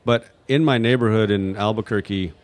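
This New Mexico man has a lowish voice and talks at normal speed while answering questions from an audience. He rambles off the cuff, full of fillers, hesitations and restarts.

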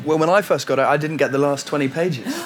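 A man's voice: a little high, fast, faint music behind. British man actor, short answers. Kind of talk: press interview.

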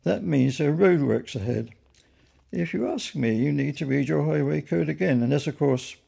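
A man's voice: a little high, normal speed, creaky, mellow, breathy edge, heavily acted. A man voicing a weary, stern middle-aged policeman with a dry, officious manner.

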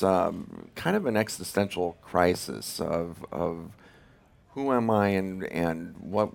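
Deep-voiced hesitant director. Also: male voice, creaky. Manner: hesitant, many ums and restarts. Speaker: film director, guest. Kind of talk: casual interview.

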